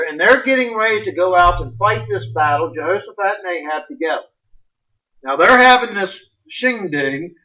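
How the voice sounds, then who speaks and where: A man preaching a sermon, animated and folksy, reading scripture aloud with sudden bursts of emphasis. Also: high voice. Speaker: pastor. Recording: distant, muffled livestream audio.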